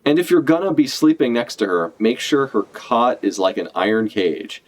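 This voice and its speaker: A man's voice: medium pitch, lively intonation, normal speed, close to an everyday voice. A man voicing a fussy, bossy old caretaker. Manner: scolding, instructive, read aloud from a comic.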